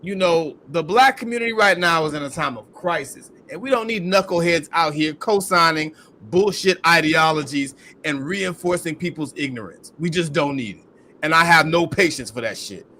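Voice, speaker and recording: Ranting bright-voiced male podcast host. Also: fairly high pitch, normal speed, a little hiss or hum. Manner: ranting, profane, incredulous. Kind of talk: heated commentary.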